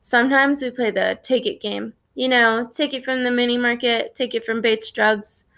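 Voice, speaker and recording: A woman reading a cocky teenage boy gang leader in an offhand, boastful way, with a gravelly edge. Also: a little high, fairly even intonation, moderate pace, fairly bright tone.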